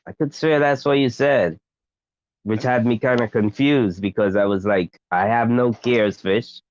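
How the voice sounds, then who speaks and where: A man co-hosting a casual livestream, reading viewer comments aloud in a relaxed way. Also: mid-range voice, unhurried, highs cut off, slight background noise. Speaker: co-host reading chat.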